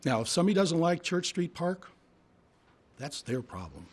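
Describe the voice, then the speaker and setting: A man with a hoarse, fading voice gives public hearing testimony, speaking emphatically and indignantly and firing off rhetorical questions from a podium microphone. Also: fairly high pitch, sing-song, moderate pace. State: hoarse, losing his voice.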